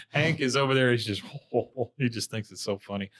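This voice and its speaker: A man's voice: mid-range voice, fairly bright tone. Man casually recapping a cartoon episode. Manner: retells scenes with quick quoted impressions, laughs along. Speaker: podcast co-host.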